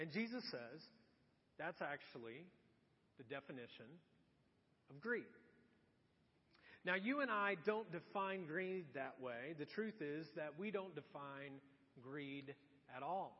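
A man with a high voice preaches a sermon in a relaxed, conversational way. He poses rhetorical questions and briefly acts out the voices of the people in his examples. The recording is dull and muffled, with a long hall reverb around him. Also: a little slow. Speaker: pastor. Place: church.

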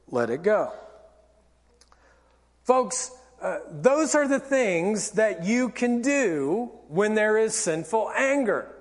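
A male pastor giving an animated, theatrical sermon, acting out everyday examples. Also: high-pitched. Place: church sanctuary. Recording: long church reverb.

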